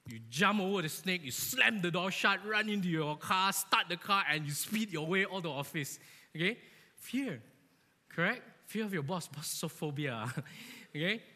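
A man giving a lively, joking sermon to a church, animated and often asking his listeners "right?", in an echoey church hall. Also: sits high, normal speed. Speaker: church speaker.

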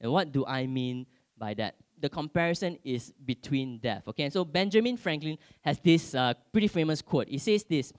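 A man's voice: a little high, lively intonation, normal speed. A man in his thirties preaching a sermon to a congregation, conversational and checking in with "okay?" after many lines. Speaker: pastor.

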